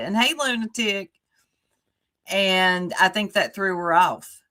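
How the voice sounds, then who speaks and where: Slow, bright-voiced woman streamer chatting. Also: on the low side. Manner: chatty, greets chat viewers by name mid-sentence; laughs often while talking. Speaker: livestream host. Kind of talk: casual live-stream commentary.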